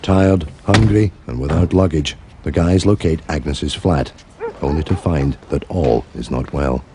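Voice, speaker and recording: Deep-voiced male narrator, measured, noisy audio. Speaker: documentary narrator. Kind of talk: scripted narration.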